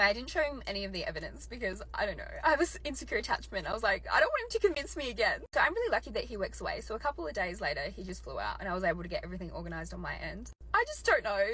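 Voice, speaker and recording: A woman's voice: mid-range voice, husky, low-quality recording. A young woman telling a personal story in an emotional monologue, her voice cracking and jumping up when she gets outraged. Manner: animated, voice cracks and rises to near shouts when outraged. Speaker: storyteller in a clip.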